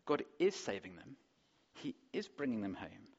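Male preacher, lowish voice, chatty sermon style with rhetorical questions; dull lo-fi recording. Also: big pitch swings, moderate pace, gravelly, a little mellow, slightly rough. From England. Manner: conversational, asks the congregation rhetorical questions.

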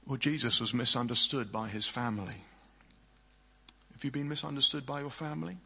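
A male preacher delivering a sermon with earnest conviction. His voice is bright and forward with a husky edge, and he often sinks into quiet, hushed phrases. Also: medium pitch, brisk, low-quality recording. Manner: earnest, drops to soft hushed tones for tender lines.

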